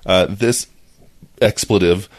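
Low-voiced man reading podcast headlines. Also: slow, dry recording. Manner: relaxed, reads out headlines with fillers. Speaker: podcast co-host. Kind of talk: casual chat, reading news items.

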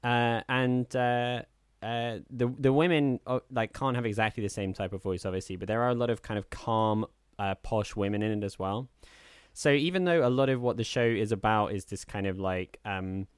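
A man's voice: on the low side, moderate pace, few pauses, no room sound, studio quality. A man co-hosting a podcast, chatting casually and rambling with many fillers. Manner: rambling, with many fillers, dips into a soft, smooth put-on voice. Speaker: podcast co-host. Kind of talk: casual chat.

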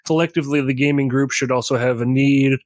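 A man's voice: medium pitch, steady tone, fast talker, no echo. A man in casual tabletop game chat, explaining the setup and rules in a loose, rambling way. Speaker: player guiding the game setup.

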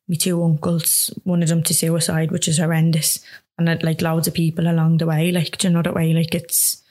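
Low-voiced young woman. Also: a little mellow. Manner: rambling, filler-heavy, reenacts dialogue. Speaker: interviewee. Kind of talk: personal storytelling.

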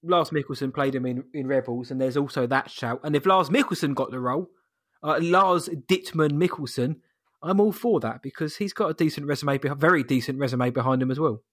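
A man co-hosting a casual chat in a measured, thoughtful way with dry humor. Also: medium pitch, no echo. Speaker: podcast co-host.

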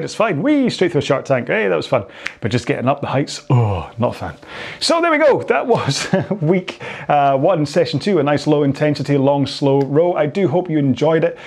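A man's voice: on the high side, very animated, fairly quick, creaky, a little mellow, husky. A man with a Scottish accent, talking casually as a rowing coach at the end of a workout, rambling and chatty and laughing easily.

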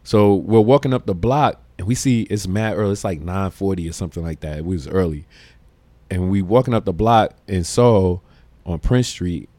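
A man, a podcast guest telling slangy, animated stories and laughing often. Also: deep voice, moderate pace, dry recording. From Brooklyn, New York. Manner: animated, slangy storyteller who acts out quotes and laughs often. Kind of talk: casual storytelling interview.

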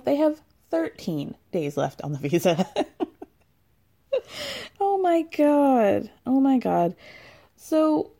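A woman's voice: fairly high pitch, mellow. A woman in her thirties recapping a reality show in casual chat, sarcastic and chatty, acting out what people said and laughing often. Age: 30s.

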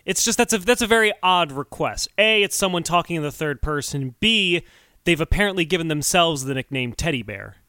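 Brief: high, bright male co-host, wry and analytical, dry close mic. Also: lively intonation, a little fast, clear, resonant tone, no echo. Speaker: podcast co-host. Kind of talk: casual chat.

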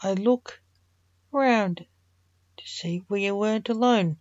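A woman author reading her own dark, poetic story in a slow, measured way, in a dull lo-fi recording. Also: medium pitch, no echo.

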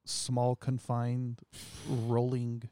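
A man's voice: medium pitch, monotone, extremely slow, mellow, no echo. Man chiming in, dry close sound. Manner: chiming in with short agreements. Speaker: band member guest. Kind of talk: casual chat.

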